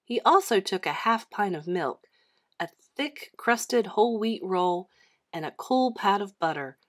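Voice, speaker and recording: A woman reading a children's chapter book aloud with an expressive storytelling manner. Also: mid-range voice.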